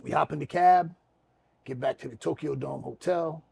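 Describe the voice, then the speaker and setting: A man's voice: a little high, moderate pace, creaky, darkish tone, breathy edge. A man co-hosting a podcast, telling a story in a loose, laid-back, profane way. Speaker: podcast co-host. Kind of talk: casual storytelling chat.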